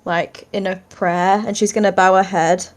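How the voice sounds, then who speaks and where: Player: casual, chatty woman narrating her character, mid pitch. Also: level tone, normal speed, soft background music. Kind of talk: casual tabletop game play.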